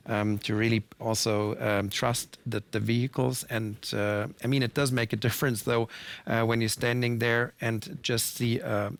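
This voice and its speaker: A man's voice: medium pitch, gravelly, no echo. A man with a German accent, a truck maker executive answering on a panel in an earnest way, with many fillers and restarts.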